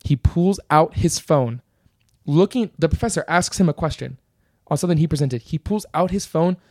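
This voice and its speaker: A man's voice: fairly high pitch, normal speed, dry recording, clean studio sound. A young man co-hosting a podcast, telling a long story in casual chat with lots of fillers and restarts. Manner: rambling, animated storyteller full of fillers. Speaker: podcast co-host.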